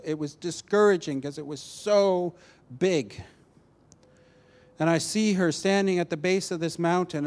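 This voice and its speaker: A man preaching a personal testimony, telling the story animatedly with halting restarts. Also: fairly high pitch.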